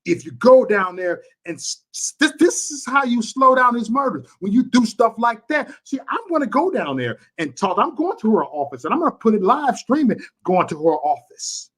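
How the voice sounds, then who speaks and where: A man from Chicago on a live stream, ranting and repeating himself with stammers, swinging from loud outbursts to quiet, upset muttering. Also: very high-pitched, big pitch swings, normal speed, few pauses. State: frustrated and upset. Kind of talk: emotional live-stream rant.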